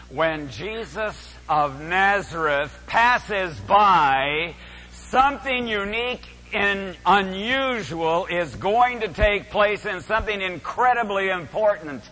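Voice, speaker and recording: Older preacher guy, high bright voice, slow and dramatic, big echoey hall. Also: expressive. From California's San Joaquin Valley. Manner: dramatic, swings from hushed to loud. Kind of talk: sermon storytelling. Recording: reverberant hall.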